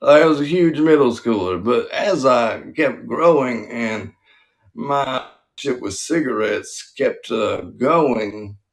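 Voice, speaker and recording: Crude comedy host guy, gravelly creaky voice, self-deprecating and sweary. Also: medium pitch, a little hiss or hum. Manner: profane, self-deprecating, quick jokes. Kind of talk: crude casual comedy banter.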